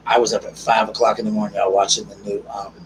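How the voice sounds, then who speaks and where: A man hosting a casual live stream, chatting warmly with viewers and calling them girl, darling and honey. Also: on the low side, level tone, fast. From South Carolina. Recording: distant mic with noticeable background noise.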